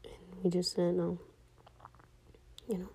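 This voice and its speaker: A young woman with a low, dark voice that turns husky and gravelly tells a personal story. She talks casually, often dropping into a hushed half-whisper, and fills her sentences with "like". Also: completely flat delivery, takes it slowly.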